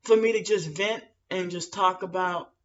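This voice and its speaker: A woman's voice: lowish voice, steady tone, moderate pace, slight background noise. A woman venting in a rambling, aggrieved monologue, full of fillers and restarts. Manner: aggrieved, indignant. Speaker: vlogger. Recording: muffled lo-fi audio from some distance to the mic.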